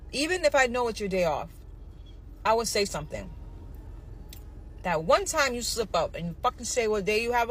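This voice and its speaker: A woman's voice: on the high side, slightly rough, rough recording. A woman ranting heatedly and defiantly, swearing about her time off. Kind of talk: casual rant.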